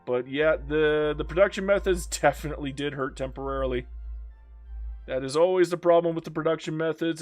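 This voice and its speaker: Worn out after many hours of a long live stream, a young man comments on his own strategy game, talking to himself and to the game, groaning and joking. His voice is a little high and brisk, with faint music behind it.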